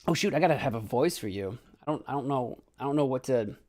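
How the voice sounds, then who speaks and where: A man's voice: medium pitch, fast talker. Rambling young man commentating a game. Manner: rambling, self-mocking, animated. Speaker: let's play host. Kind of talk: casual gameplay commentary.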